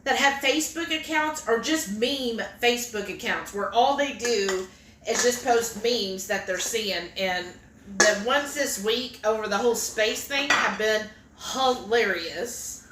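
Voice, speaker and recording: A woman's voice: fairly high pitch, a little slow, background noise. Giggly woman reading chat comments. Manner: chatty and giggly, reads comments aloud. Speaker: cooking stream co-host. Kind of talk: casual livestream chat, reading viewer comments aloud. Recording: echoey kitchen room.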